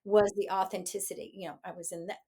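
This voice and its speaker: A woman's voice: medium pitch, fairly even intonation, fast, mellow, husky. A woman hosting a coaching podcast, speaking with enthusiasm and affirming the guest by reflecting his story back to him. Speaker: podcast host, strengths coach. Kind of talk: casual interview talk.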